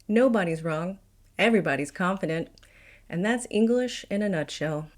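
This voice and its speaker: A woman with an Appalachian accent hosts a scripted explainer in a slightly low voice. She tells it wryly and confidently, with dry asides. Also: animated, moderate pace. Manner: wry, confident storytelling. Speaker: video host. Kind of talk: scripted educational narration.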